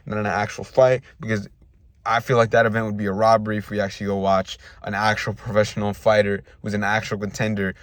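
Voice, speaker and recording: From a parked car in a school parking lot, a young man with a lowish voice hosts a casual boxing news vlog. He rambles in slang with frequent restarts, and there's no echo.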